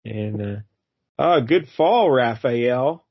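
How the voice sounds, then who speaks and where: A man's voice: medium pitch, animated, takes it slowly, no room sound, lo-fi sound. A man co-hosting a casual comic book review show, laid-back and laughing often as he recaps the story. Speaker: podcast co-host.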